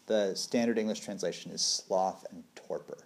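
A man's voice: low voice, moderate pace, slight background noise. A man in his thirties giving a casual talk on meditation, laughing often and acting out little quoted voices. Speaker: meditation teacher.

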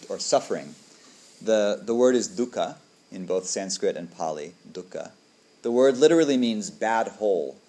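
Man, dharma teacher, lowish voice, reflective, conversational, talk to a group. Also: darkish tone. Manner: reflective, conversational, often asks "right?".

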